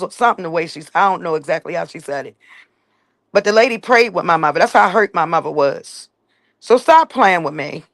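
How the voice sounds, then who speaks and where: Blunt gravelly woman ranting on a live stream. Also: medium pitch, animated, brisk, fairly bright tone, no echo. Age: adult with children. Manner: blunt and emphatic, keeps punctuating with "facts" and "period". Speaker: livestreamer talking to viewers. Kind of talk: casual live stream rant.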